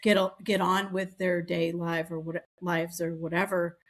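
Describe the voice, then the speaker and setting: A fairly low, flat female voice at a moderate pace belongs to a middle-aged podcast co-host. Her chatty storytelling includes acting out the voices of people she quotes.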